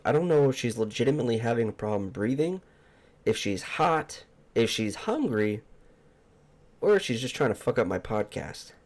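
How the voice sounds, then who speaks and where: A man's voice: on the low side, darkish tone. A man hosting a casual solo podcast from a room at home, talking in a profane, exasperated, ranting way. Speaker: podcast host. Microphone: headphones and desk mic.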